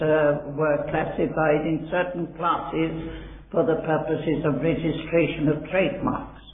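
A man preaching a sermon, expounding Bible verses earnestly and building to dramatic emphasis in a large hall. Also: fairly high pitch. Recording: echoey hall on a tinny old recording.

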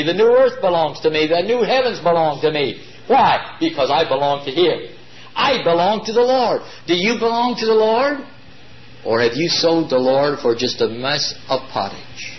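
A man preaching a sermon to his congregation, emphatic and drawing key words out slowly. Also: fairly high pitch, sing-song. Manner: addresses congregation as "beloved". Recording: dull lo-fi recording.

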